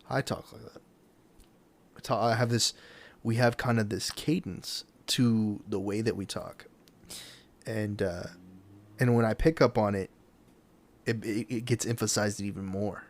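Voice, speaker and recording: A man hosting his own show, talking casually and rambling into a webcam, with many restarts and fillers. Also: lowish voice. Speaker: podcast host. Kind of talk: casual solo talk to camera.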